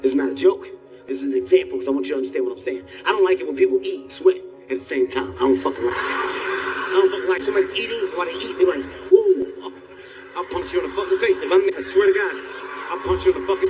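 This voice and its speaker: A man in his forties doing stand-up comedy, telling loud, animated stories with shouted outbursts. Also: fairly high pitch, distant mic. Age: 40s.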